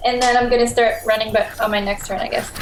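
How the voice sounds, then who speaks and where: A woman's voice: a little high, level tone, fast talker. A young woman playing a tabletop game, eager and chatty, swearing casually. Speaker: player. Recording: echoey room, faint noise.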